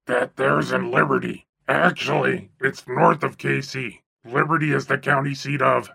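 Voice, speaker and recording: A talkative, heavyset cab driver , as a male audiobook narrator puts him on, with a deep gravelly rasp and a husky, smoke-worn edge. He chatters on in a folksy drawl, sharp and forceful at the front of each word. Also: fairly even intonation, unhurried, dry recording, clean studio sound, exaggerated voice. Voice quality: raspy, phlegmy. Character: gregarious overweight chain-smoking male cab driver. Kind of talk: audiobook character voice.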